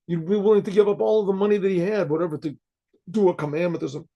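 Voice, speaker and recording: An older man, a rabbi, telling a story to listeners, often clearing his throat and acting out the voices of the people in it. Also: high-pitched, fairly even intonation, fast talker, highs cut off. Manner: frequent throat clearing, acts out quoted voices. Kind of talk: storytelling talk.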